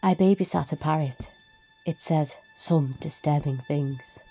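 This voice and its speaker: Guy putting on a soft lady telling a spooky tale, hushed and mellow, music behind. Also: fairly high pitch, a little slow, voice pushed up.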